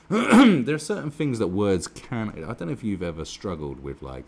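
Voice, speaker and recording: A man's voice: on the low side, big pitch swings, normal speed, creaky, a little mellow, a little hiss or hum. A man giving heated, sarcastic commentary on a newspaper column, swearing often as he rants. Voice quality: profane, sarcastic, heated ranting. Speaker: online commentator.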